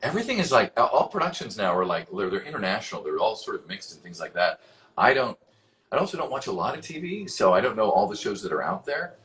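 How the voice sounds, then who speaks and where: A fifty-something man whose voice sits low with a bit of brightness goes through fan questions on a livestream. After reading each aloud, he gives a rambling, casual answer peppered with swearing.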